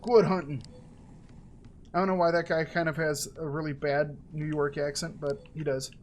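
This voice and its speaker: A man chatting casually as he plays through a game, thinking aloud and getting excited over his rewards. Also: on the high side, a little fast, noisy background. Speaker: gaming channel host. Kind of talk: casual let's-play commentary.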